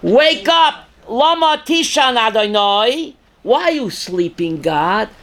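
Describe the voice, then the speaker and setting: An older man, a rabbi teaching a class, reads scripture aloud with dramatic force, sometimes shouting, and questions his students. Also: very high-pitched, animated, slow pace. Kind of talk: Torah class lecture.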